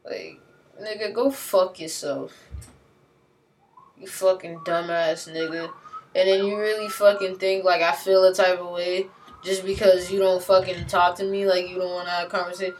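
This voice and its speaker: A woman's voice: fairly low pitch, slight background noise. A woman in an angry, heavily profane rant, talking with slang and repeating herself as she vents. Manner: heated, profane, slangy, repetitive. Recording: voice from a distance.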